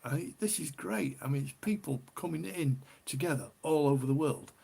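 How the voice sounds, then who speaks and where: A man's voice: fairly high pitch, animated, normal speed, vocal fry, darkish tone, slightly rough. A middle-aged man from the UK hosting a casual beer live stream, chatty and rambling, often repeating himself. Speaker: beer livestream host.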